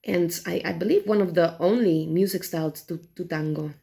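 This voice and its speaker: Woman, low gravelly voice, casual tarot vlogger, animated and exasperated, swears, lots of restarts. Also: normal speed. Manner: many fillers and restarts. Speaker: tarot deck reviewer. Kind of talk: casual chat.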